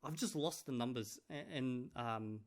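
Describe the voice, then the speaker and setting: A man's voice: mid-range voice, measured pace. A man vlogging in casual chat, translating clips aloud with many fillers and restarts. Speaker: vlogger reviewing a language course.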